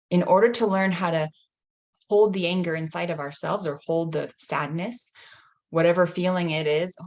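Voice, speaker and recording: A woman in her thirties, a healing coach, talking gently and reflectively and sharing a story from her own family life. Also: on the low side. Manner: gentle, reflective, laughs lightly between thoughts. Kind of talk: casual teaching talk with personal story.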